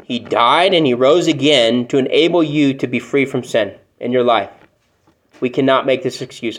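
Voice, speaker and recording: A man's voice: medium pitch, moderate pace. A man preaching a sermon to a room of people, talking to them plainly and often asking them rhetorical questions. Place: church room with congregation.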